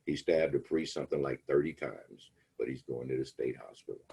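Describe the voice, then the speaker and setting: An instructor with an extremely low, creaky voice talks fairly quickly, his dark tone carrying a breathy edge. He rambles through a casual lecture retelling a film's plot, acting out the quoted lines and filling his speech with fillers.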